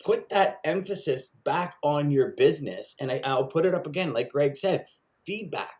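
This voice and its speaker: A man's voice: a little high, animated, normal speed, a little mellow. A man co-hosting a casual sales podcast, talking with energy and repeating points for emphasis. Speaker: podcast co-host.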